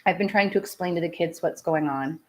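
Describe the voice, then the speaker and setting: A woman in her thirties hosts a relaxed live chat with her viewers. Her voice sits a little low, and she talks in a loose, personal way. She laughs easily and keeps dropping self-deprecating asides. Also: brisk. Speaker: live show host talking to viewers.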